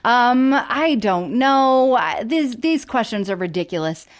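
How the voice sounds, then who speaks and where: A woman from Florida co-hosting a podcast, telling stories in an animated way and acting out characters' lines. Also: fairly high pitch, measured pace, no room sound, clean studio sound. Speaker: podcast co-host. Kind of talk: casual chat.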